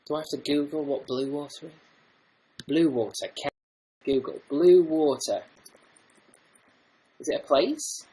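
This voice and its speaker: A man's voice: a little high, a little slow, pauses often, rough recording. A young man hosting a casual livestream from home. He reads out viewer comments and rambles through self-mocking jokes. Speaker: livestream host.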